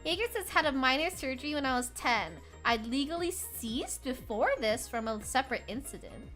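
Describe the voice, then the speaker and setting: A young woman streaming from home, chatting casually with her viewers, bubbly and swinging between soft murmurs and loud excited bursts. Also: high voice, normal speed, soft background music.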